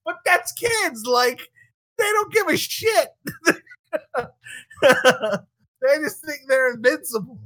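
A man hosting a podcast in casual chat, animated, swearing freely and laughing often. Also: very high-pitched, takes it slowly, pauses often, no echo. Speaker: podcast host.

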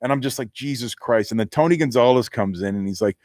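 A man's voice: medium pitch, fast, darkish tone, no echo, studio quality. A middle-aged man, a former football player, telling a story in a casual interview and acting out the voices he quotes.

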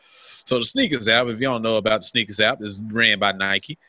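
A man's voice: fairly low pitch, fairly quick, dry recording, dull audio. A man co-hosting a podcast, telling a long, heavily profane rant in casual chat and acting out what people said to him. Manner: animated, swears constantly, acts out his own quotes. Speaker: podcast co-host.

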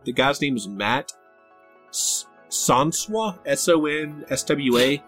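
A male podcast co-host chatting casually, teasing and laughing often. His voice is animated and a little high in pitch, with faint music playing underneath. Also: slow. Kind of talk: casual chat.

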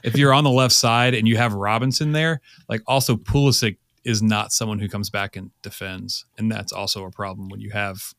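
A man rambles through casual podcast talk, restarting his sentences often. His voice is gravelly. The recording is dry and close. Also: fairly low pitch, fairly even intonation, a little fast, hardly any pauses, fairly bright tone, no echo. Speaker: podcast co-host.

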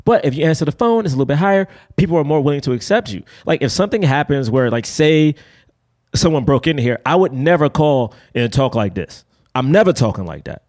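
A young man co-hosting a casual film-review podcast, talking in an emphatic, animated way with casual swearing. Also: on the high side. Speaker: podcast co-host.

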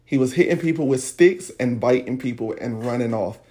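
A man hosting a podcast tells a personal story candidly, speaking straight to his listeners. His mid-range voice has a warm tone, and he talks fairly quickly.

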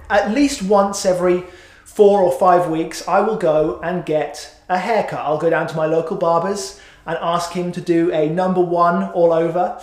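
Middle-aged male pastor, fairly high voice, chatty, jokes at his own expense, preaching in a reverberant church hall. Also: a little mellow. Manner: conversational and self-mocking, with many fillers. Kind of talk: sermon. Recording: echoey hall.

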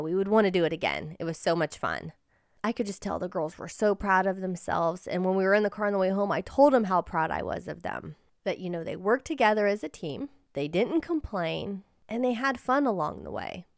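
A woman's voice: medium pitch, no room sound, clean studio sound. A woman hosting a personal storytelling podcast, telling a story in an earnest, encouraging way. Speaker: podcast host and life coach.

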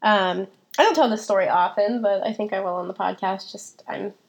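A woman hosts a faith podcast, speaking in a reflective and personal way. She pauses on ums and restarts her sentences as she works through scripture and her own experience. Her voice sits at an ordinary middle pitch for a woman. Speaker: podcast host.

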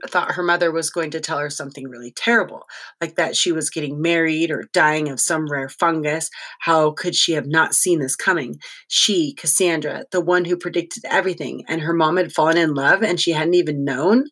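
Brief: audiobook narrator, wry and lively, middling pitch. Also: moderate pace.

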